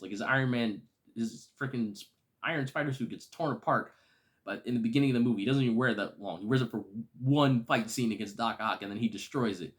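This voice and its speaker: A man casually reviewing a film, excitable and gushing, with slangy, enthusiastic speech. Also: medium pitch, brisk.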